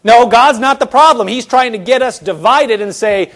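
A man's voice: very high-pitched, expressive, a little slow, few pauses, fairly bright tone. A man preaching a sermon, emphatic, asking the congregation rhetorical questions and repeating words for emphasis.

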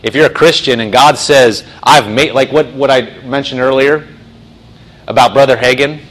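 A man delivers a sermon in a loose, conversational way, with frequent restarts. He slows down and leans into phrases he wants to stress. His voice sits at an ordinary middle pitch. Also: steady tone, a bit bright, low-quality recording. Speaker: pastor.

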